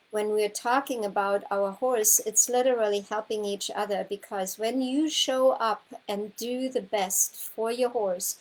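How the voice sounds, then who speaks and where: A woman's voice: medium pitch, poor audio. A woman horsemanship coach telling a personal story to her students in a rambling, heartfelt way, full of restarts and repeated words. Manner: rambling, heartfelt, with self-corrections; gets emotional, close to tears.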